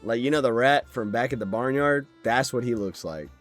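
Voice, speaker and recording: A man's voice: mid-range voice, moderate pace. Chill guy running a tabletop game, chuckles a lot, lots of uhs, faint music behind. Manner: laid-back, chuckling, many fillers. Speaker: game master.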